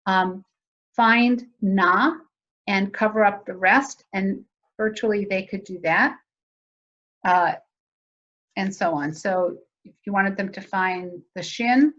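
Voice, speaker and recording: A woman's voice: mid-range voice, lo-fi sound. A woman presenting a virtual teacher training session in a conversational, explanatory way, putting questions to her audience.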